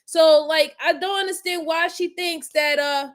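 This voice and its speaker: A woman's voice: extremely high pitch, steady tone, normal speed, sharp tone. A woman hosting a reaction video, commenting bluntly and exasperated, swearing freely.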